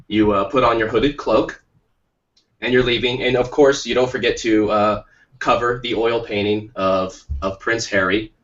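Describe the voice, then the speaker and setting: A man's voice: mid-range voice, a bit bright. A man co-hosting a podcast, telling a rambling, jokey story with many restarts. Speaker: podcast co-host. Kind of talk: playful storytelling chat. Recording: muffled lo-fi stream audio.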